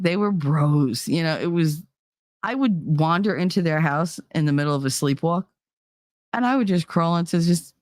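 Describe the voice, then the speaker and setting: A woman's voice: lowish voice, a little mellow, dry recording, clean studio sound. A woman host telling stories in a loose, rambling way on her livestream, full of "you know" and "like" and breaking into laughter now and then. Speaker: streamer and channel host. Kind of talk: casual storytelling chat on a livestream.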